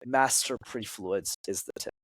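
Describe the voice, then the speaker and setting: A man's voice: fairly low pitch, measured pace, no room sound. A man who coaches public speaking, talking as a podcast guest and acting out quoted lines in changing voices. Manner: animated, acts out quotes in shifting voices.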